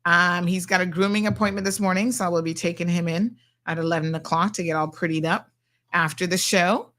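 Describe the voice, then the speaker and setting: A woman's voice: fairly low pitch, steady tone, brisk, fairly bright tone. A woman hosting a radio show from the studio, chatting casually and reading out listener messages.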